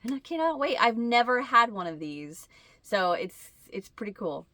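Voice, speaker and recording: A woman with a Midwestern American accent, hosting a crochet channel and telling a rambling story in casual chat, acting out bits of dialogue in a higher voice. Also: big pitch swings, moderate pace, bright, forceful tone.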